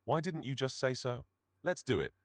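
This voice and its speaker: A synthetic man's voice playing a calm, smug tech billionaire with lofty goals. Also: mid-range voice, normal speed, dry recording, close to an everyday voice. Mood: cocky. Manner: smug, unbothered.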